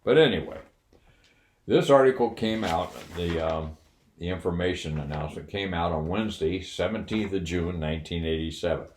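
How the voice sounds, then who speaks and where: A man's voice: sits low, normal speed, slight background noise. An older man, a retired officer, telling a wry anecdote in a casual, candid way with fillers and chuckles. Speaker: retired Air Force officer telling a story. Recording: roomy echo.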